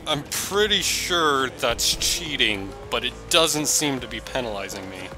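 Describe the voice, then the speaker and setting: A man giving excitable, jokey gameplay commentary, yelping and shouting whenever he crashes. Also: mid-range voice, measured pace, over music. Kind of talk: let's play commentary.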